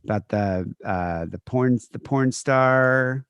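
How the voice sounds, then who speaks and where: A man co-hosting a podcast in loose, rambling chat, dropping curses and half-finished sentences. His voice sits at an ordinary middle pitch for a man. The sound is dry and close, with no room echo. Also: slow, a bit bright, clean tone, lo-fi sound. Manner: rambling, heavy swearing, trailing off mid-sentence. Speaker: podcast co-host.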